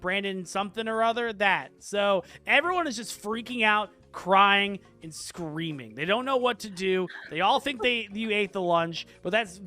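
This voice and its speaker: A man's voice: high voice, animated, moderate pace, few pauses, bright, forceful tone. A man narrating a comedic tabletop game as game master, rambling and playful, with frequent fillers.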